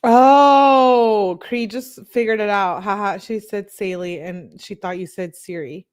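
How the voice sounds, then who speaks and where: A woman's voice: mid-range voice, steady tone, moderate pace. A young woman reading text messages aloud in casual commentary, chatty and giggly, joking between readings. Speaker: true-crime commentator reading texts aloud.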